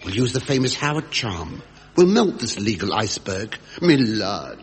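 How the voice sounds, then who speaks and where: A man's voice: mid-range voice, big pitch swings, moderate pace, in a large hall. A male comedian hosting a 1970s radio comedy sketch, with a camp, exasperated, wheedling manner. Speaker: comedian and host. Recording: live audience, heavy noise.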